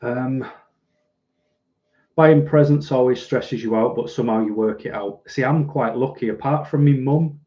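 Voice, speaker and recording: A man hosting a casual livestream, reading viewer comments aloud in a chatty, rambling way and laughing easily. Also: medium pitch. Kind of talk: casual live chat. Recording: dull lo-fi recording.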